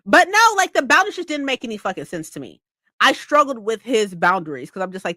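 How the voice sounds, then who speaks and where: Animated, foul-mouthed woman ranting. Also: a little high, fast talker, no room sound, studio quality. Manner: laughs often. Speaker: book club streamer. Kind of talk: casual live-stream book chat.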